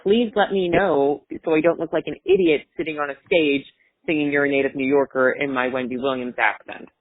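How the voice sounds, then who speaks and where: A man's voice: on the high side, steady tone, brisk, no room sound. Chatty podcast host man, tinny sound. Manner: chatty, rambling with fillers. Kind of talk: casual chat.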